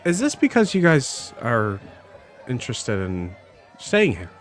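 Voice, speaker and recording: A man's voice: medium pitch, wildly swooping pitch, faint music behind, a faint crowd. A man doing a hesitant tall elf woman. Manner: halting, full of hesitations. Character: tall, lanky female elf host, hesitant.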